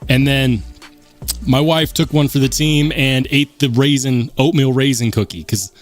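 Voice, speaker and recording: A man's voice: mid-range voice, steady tone, measured pace, soft background music. A man hosting a casual live stream, reading the chat aloud and joking about himself in a plain, unaccented voice. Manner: chatty, reads chat aloud, self-mocking.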